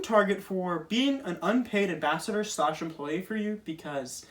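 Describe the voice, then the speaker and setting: A man's voice: high-pitched, lively intonation, normal speed, few pauses, a bit bright, far from the mic. A young man performing a casual stand-up monologue, chatty and self-deprecating with lots of fillers. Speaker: stand-up comedian.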